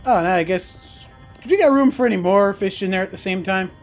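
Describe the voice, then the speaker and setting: High voiced guy streaming a game, chatty, laughs a lot, swears casually, faint music behind. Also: a little fast. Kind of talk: casual chat while gaming.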